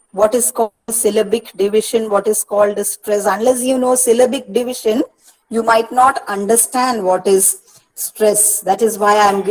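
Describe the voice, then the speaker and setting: A woman's voice: medium pitch, darkish tone, rough recording. A woman, a Malayalam speaker, giving a recorded lecture, explaining patiently and correcting herself as she goes.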